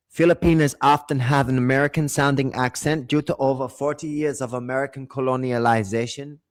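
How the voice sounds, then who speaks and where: A man's voice: mid-range voice, dry recording. A middle-aged man, talking to camera in a rambling, digressive monologue full of asides. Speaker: vlogger.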